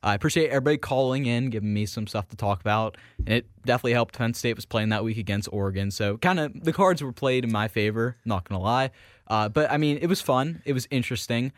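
Fast-talking young male co-host. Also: medium pitch, no room sound, clean studio sound. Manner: quick, rambling talker. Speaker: sports radio co-host. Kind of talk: casual radio chat. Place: radio studio. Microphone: studio microphone.

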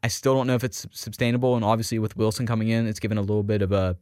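A lower-voiced man co-hosts a sports talk radio show, talking fast and restarting his sentences as he gives his opinions. The sound is dry and close. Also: level tone, darkish tone, clear, resonant tone, no room sound. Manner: quick, restarts, hedging opinions.

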